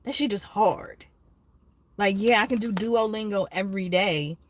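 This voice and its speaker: A young adult woman chatting casually with viewers on her livestream, telling stories in an animated way and acting out what people said. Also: mid-range voice, moderate pace, a little hiss or hum. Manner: chatty, animated storytelling with quoted voices. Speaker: livestream host.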